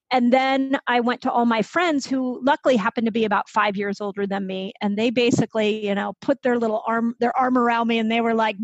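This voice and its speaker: A woman in her fifties with a fairly high voice shares her story as an interview guest, animated and chatty. The recording is dry, with a slightly dull, muffled tone. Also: no room sound. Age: 50s. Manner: animated, quick to act out quoted voices. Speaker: guest, health expert. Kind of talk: conversational storytelling.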